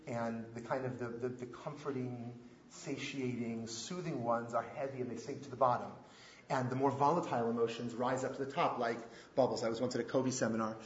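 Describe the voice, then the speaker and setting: A man leading a relationship workshop, asking the group rhetorical questions in an animated way. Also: medium pitch. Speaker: workshop leader. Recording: echoey room, dull lo-fi sound.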